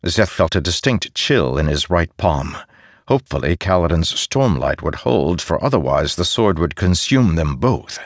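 A man narrating a fantasy audiobook in an expressive storytelling way, close to a studio mic. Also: low-pitched, moderate pace, no echo.

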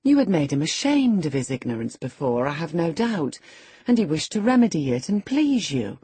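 Woman reading stern, earnest housekeeper; low, breathy, firm. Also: big pitch swings, normal speed, warm tone, no room sound, exaggerated voice. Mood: reproving.

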